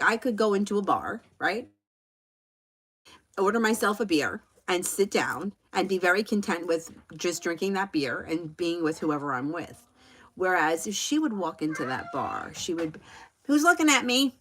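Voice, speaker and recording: A woman's voice: on the low side, slight background noise. Chatty woman giving a tarot reading. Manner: rambling, tangent-prone, laughs often. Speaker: tarot reader hosting a livestream. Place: home with a small child around.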